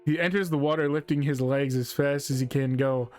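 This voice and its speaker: A man's voice: mid-range voice, steady tone, brisk, darkish tone, clean tone, faint music behind. A man playfully reading a text game aloud as a game streamer, laughing as he goes.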